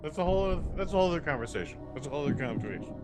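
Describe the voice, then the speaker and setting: A man's voice: fairly high pitch, sing-song, very fast, music in the background. A man co-hosting a podcast in casual banter, blunt and sarcastic, swearing freely. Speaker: podcast co-host.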